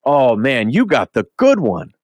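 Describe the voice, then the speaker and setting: A young man co-hosting a podcast, telling a story in casual chat, animated and swearing a lot as he acts out what people said. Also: mid-range voice, a little slow, no echo. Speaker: podcast co-host.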